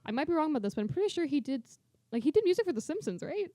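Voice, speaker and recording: A young woman co-hosting a podcast in casual chat, animated and enthusiastic, giggling often. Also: sits high, rapid-fire, dry recording, studio quality. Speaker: podcast co-host.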